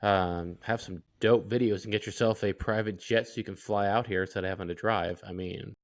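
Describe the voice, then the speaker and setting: A man with a somewhat low voice co-hosting a golf podcast. He talks in a loose, casual way, often stumbling over how he begins a thought. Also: steady tone. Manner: casual, says dude, halting starts. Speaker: podcast co-host. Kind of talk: casual chat.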